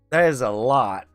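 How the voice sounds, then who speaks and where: A man's voice: mid-range voice, dry recording. A man hosting a casual talk show, teasing his guest and laughing often. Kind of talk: casual chat. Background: faint background music.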